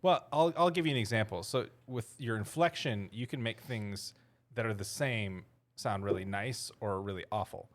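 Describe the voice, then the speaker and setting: A man's voice: on the low side, moderate pace. A man co-hosting a casual podcast, dry and sarcastic with a playful edge. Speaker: podcast co-host.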